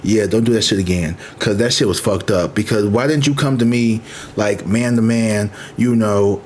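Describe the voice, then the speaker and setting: A man in his thirties telling a story in a casual, profane, animated way, as a vlogger. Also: on the low side, moderate pace, a little hiss or hum. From Missouri, USA. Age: 30s.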